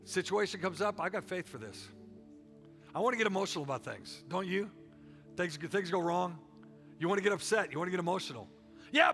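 A man's voice: high voice, gravelly, a bit bright. A middle-aged man preaching a sermon with a folksy, joking and emphatic delivery. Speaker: pastor.

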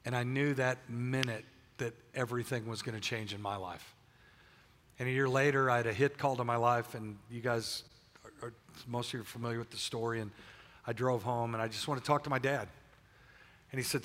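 A man's voice: medium pitch, fairly even intonation, normal speed, a bit bright. An older man preaching a sermon in a large church, telling his story candidly with frequent restarts. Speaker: pastor. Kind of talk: sermon with personal testimony. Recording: long church hall reverb.

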